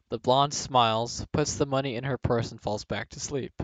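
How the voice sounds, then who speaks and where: A young man with a steady, medium-pitched voice reads jokes aloud for a video at a normal speed, frequently laughing partway through sentences. The dull, dry home recording has no echo.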